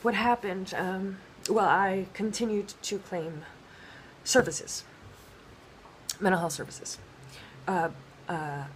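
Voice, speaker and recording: A woman talking in a rambling personal monologue, halting with many restarts and fillers. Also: mid-range voice, a little hiss or hum.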